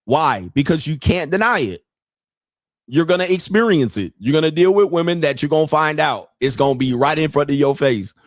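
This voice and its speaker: A man's voice: mid-range voice, no echo, studio quality. Blunt, profane man ranting on a podcast. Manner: blunt and profane, mocking, with frequent laughs. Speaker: podcast host and dating commentator. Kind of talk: casual podcast rant.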